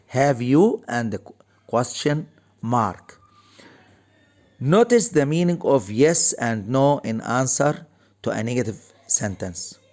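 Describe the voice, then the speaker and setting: A man teaching English grammar, explaining each point slowly and repeating key phrases. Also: medium pitch, a little mellow. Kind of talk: recorded grammar lesson.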